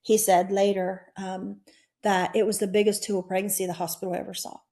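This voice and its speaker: Woman, 60s, interview guest, heartfelt storyteller, mid-range voice that jumps up high and loud in the tense moments. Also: level tone, brisk. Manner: earnest, emotional storytelling with sudden high, loud bursts. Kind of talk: recounting personal near-death experiences.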